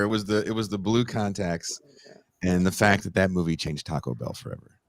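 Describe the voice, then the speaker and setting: A male podcast host, joking and animated in casual conversation with guests. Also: low-pitched, a little fast, gravelly, dry recording.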